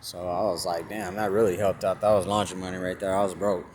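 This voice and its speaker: A man's voice: low voice, level tone, a little fast, darkish tone. A man casually retelling a story to his phone camera, acting out both sides of the talk, with loose swearing. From California. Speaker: vlogger. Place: outdoors at a store parking lot. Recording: noisy outdoor recording with passing traffic.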